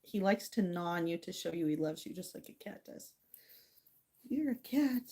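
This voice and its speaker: A woman's voice: on the low side, lively intonation, moderate pace, a little mellow, slightly rough. A woman hosting a casual livestream, chatting to viewers and talking sweetly to her dog. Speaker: livestream host.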